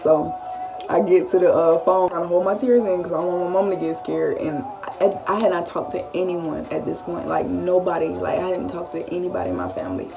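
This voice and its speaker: A late-teen woman tells a casual, animated story for her vlog, swearing freely. Her voice is low and gravelly with vocal fry. She sits a little back from the mic, with music clearly audible underneath. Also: brisk, distant mic. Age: late teens. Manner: animated, swearing storyteller who often acts out her own thoughts. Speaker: vlogger.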